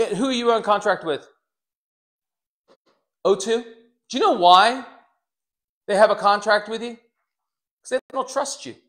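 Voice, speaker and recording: Man, preacher, sermon to a congregation, fairly high voice, acts out quotes. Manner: animated, dramatizes quotes with put-on voices; talks directly to congregation members. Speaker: pastor.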